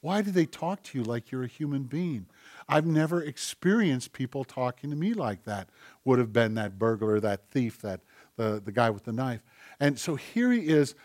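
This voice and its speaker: A male pastor preaching a sermon, moving between loud, emphatic repetition and soft, intimate storytelling. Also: mid-range voice, no room sound, clean studio sound. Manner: conversational, tells anecdotes with acted-out quotes.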